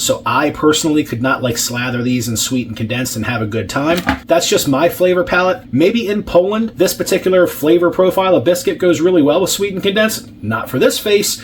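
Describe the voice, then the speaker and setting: A man's voice: a little high, slight background noise. A man hosting a casual food-tasting vlog, chatty and blunt, swearing freely as he unpacks and tastes ration food. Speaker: ration review host.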